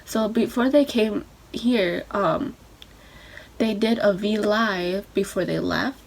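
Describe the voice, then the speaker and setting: A young woman telling a rambling, excitable story while doing her makeup for a vlog. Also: mid-range voice, takes it slowly, gravelly. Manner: rambling, excitable, lots of fillers. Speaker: beauty vlogger.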